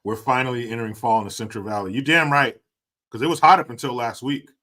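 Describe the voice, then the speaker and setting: Guy streaming and reading chat, crude jokes and cussing, bright sharp voice. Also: mid-range voice, fast talker. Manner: crude, joking, swearing. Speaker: livestream host reading chat. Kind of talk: casual livestream chat. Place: indoors, cold room.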